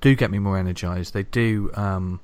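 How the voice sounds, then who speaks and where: A man co-hosting a podcast, chatting casually and bantering in a relaxed way. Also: sits low, moderate pace, dry recording. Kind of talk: casual chat.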